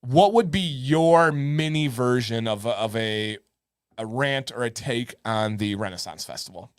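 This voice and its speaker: A man co-hosting a live show in casual chat, a lively storyteller who acts out other people's voices. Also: medium pitch, unhurried, clear, resonant tone, no echo, studio quality. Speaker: co-host of a live advice show.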